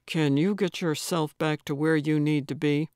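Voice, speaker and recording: A woman's voice: low-pitched, fairly even intonation, normal speed, darkish tone, clear, resonant tone, no echo, clean studio sound, natural voice. A woman voicing a stern, terse male secret agent who speaks in curt commands.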